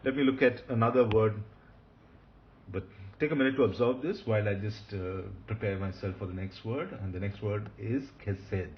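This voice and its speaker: A man giving a recorded grammar lesson, explaining step by step and repeating each term slowly. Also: on the low side. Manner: methodical, repeats terms slowly. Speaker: Hebrew grammar teacher. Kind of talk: recorded lecture. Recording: dull lo-fi sound with faint hiss.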